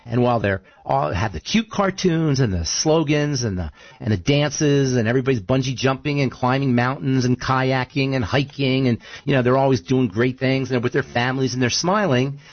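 A man's voice: mid-range voice, breathy edge, no echo. A man hosting a casual chat, talking animatedly and leaning on rhetorical questions. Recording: dull lo-fi recording.

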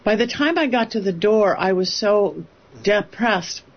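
Woman medium rambling thru a story, mid pitch, muffled lo-fi audio. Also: measured pace. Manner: animated, rambling storytelling with restarts. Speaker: psychic medium. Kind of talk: telling a story in an interview.

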